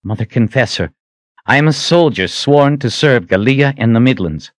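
A man's voice: mid-range voice, expressive, moderate pace, dry recording, studio quality, pitched above the performer's own voice, close to an everyday voice. A man voicing an earnest young army captain who speaks with raised, intense conviction in an audiobook. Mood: resolute.

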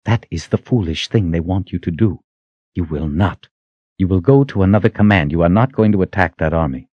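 A man's voice: low voice, animated, no echo, lo-fi sound. A man voicing a stern commanding woman leader. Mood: firm. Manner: firm, measured commands.

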